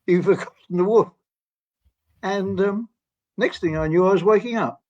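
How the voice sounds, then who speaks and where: A man in his eighties from England, telling stories as a guest in a gentle, rambling way and laughing often. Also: high-pitched, unhurried. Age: 80s. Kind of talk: storytelling interview. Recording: dull lo-fi audio.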